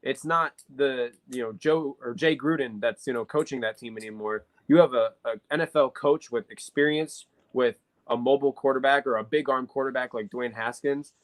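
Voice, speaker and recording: A man's voice: mid-range voice, normal speed, hardly any pauses, rough recording. Man, podcast co-host, analytical sports talker, mid-range voice, filler-heavy casual delivery. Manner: analytical, talks at length with many fillers.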